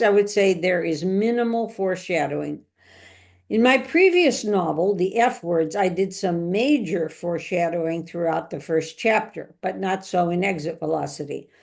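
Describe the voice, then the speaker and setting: Older woman, author type, lowish voice, careful deliberate delivery of a scripted writing lesson. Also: a little mellow. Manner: measured, deliberate, clears throat often. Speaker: author explaining her novel. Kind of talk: scripted talk on fiction writing.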